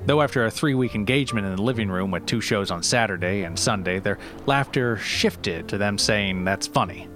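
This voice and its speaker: A man's voice: fairly low pitch, a little fast, hardly any pauses, pitched below the performer's own voice, close to an everyday voice. A man playing an aging comedian who hosts his own show, nostalgic and rambling, stammering through hesitant restarts, with faint music behind. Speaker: show host. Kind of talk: comedy audio sketch.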